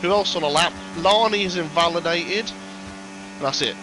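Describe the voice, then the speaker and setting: A man calls a sim racing session in casual livestream style, his voice a touch high for a man. He swears and banters freely and reads out viewer messages. Loud music runs under his voice. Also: moderate pace. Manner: sweary, banter-filled, reads chat aloud. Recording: music playing loud behind.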